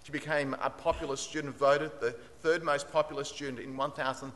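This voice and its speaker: A man's voice: a little high, fairly even intonation, a little fast, a bit bright. A man preaching a sermon, retelling a testimony aloud and building emphasis on the key words. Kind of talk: sermon storytelling. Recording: long reverb in a large hall.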